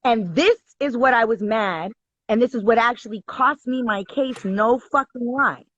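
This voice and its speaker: A woman's voice: a little high, normal speed, a bit bright, dry recording. A woman guest in a casual chat, telling a story in a heated, profane, emphatic way over a live video call. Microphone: live online video call. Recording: dry, dull lo-fi stream audio.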